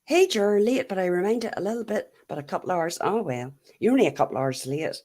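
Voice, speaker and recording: A woman's voice: on the low side, expressive, quick pace, warm tone. A middle-aged Irish woman chatting casually as she answers live comments, blunt and laughing often. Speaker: YouTube livestream host.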